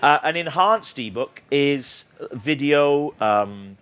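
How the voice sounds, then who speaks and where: A man's voice: a little high, animated, takes it slowly, a bit bright, clear, resonant tone. Welsh man, playful and self-mocking. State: slight sore throat. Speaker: author and comedian guest. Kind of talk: casual interview chat.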